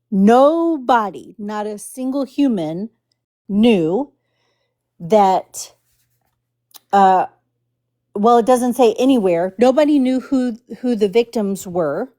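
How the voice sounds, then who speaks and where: A woman's voice: mid-range voice, slow, long pauses, warm tone. A woman from the Houston area hosting a casual livestream, choosing her words carefully with many restarts. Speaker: livestream host.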